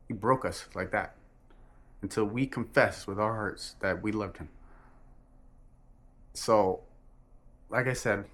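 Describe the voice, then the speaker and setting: A man telling a personal religious testimony in an earnest, halting way, often restarting and correcting himself. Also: fairly low pitch. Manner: earnest and emphatic.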